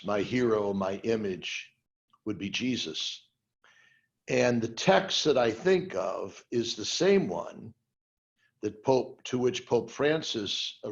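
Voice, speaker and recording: An older cardinal tells a scripture story with earnest, unhurried conviction. His voice sits low and has a gravelly edge. The video-call audio is dull and lo-fi. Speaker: cardinal, guest. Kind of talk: conversational livestream discussion.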